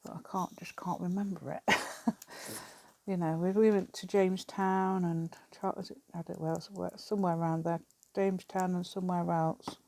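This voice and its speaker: A woman's voice: fairly low pitch, level tone, normal speed, gravelly, darkish tone. A middle-aged English woman chatting in a rambling way while she works on a craft project, laughing often. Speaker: craft vlogger. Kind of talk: casual chat while crafting.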